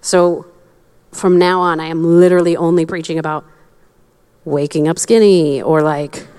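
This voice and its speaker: A young adult woman preaching a sermon in a conversational, candid way, with quick asides. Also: low voice, fairly even intonation, a little mellow, smooth. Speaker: pastor.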